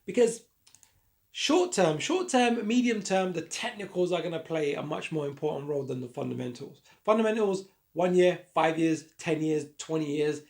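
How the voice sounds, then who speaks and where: A man teaching a chart lesson with a croaky voice, upbeat and repetitive as he talks through his drawing on the screen. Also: on the high side, lively intonation, a little fast, few pauses, darkish tone. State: croaky voice, frog in throat. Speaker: trading educator.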